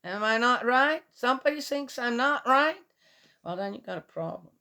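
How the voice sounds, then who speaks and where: A woman's voice: fairly high pitch, lively intonation, moderate pace, sharp tone. A woman reading a Bible passage aloud and commenting on it in a casual, skeptical way, asking many rhetorical questions.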